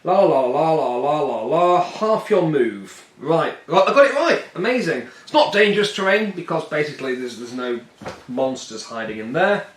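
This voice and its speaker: Guy rambling thru a tabletop game, kinda high voice, echoey room. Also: lively intonation, normal speed. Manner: rambling and jokey, puts on silly voices for the miniatures. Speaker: tabletop wargame player. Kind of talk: casual solo play-through with chat.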